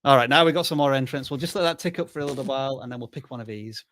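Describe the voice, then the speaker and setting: A man's voice: medium pitch, rapid-fire, fairly bright tone. A man co-hosting a live stream in casual chat, playful and thinking aloud. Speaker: livestream co-host.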